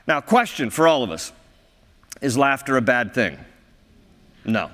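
A man's voice: mid-range voice, big pitch swings, a little slow, a bit bright. A male pastor preaching a sermon, a jovial storyteller who often laughs at his own stories. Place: church sanctuary. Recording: reverberant church hall.

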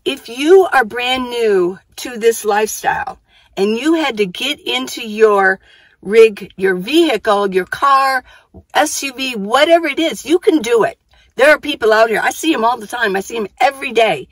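Her voice is a little high and expressive, moderately paced, on a dry recording. She's a full-time minivan dweller vlogging casually to the camera, outside and then in the van, thinking aloud and going over things more than once.

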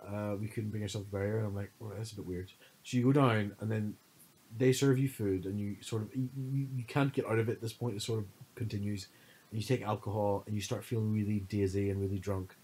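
A man co-hosting a podcast, telling stories in an animated, casual chat full of fillers. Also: lowish voice, brisk, a little hiss or hum, rough recording. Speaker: podcast co-host.

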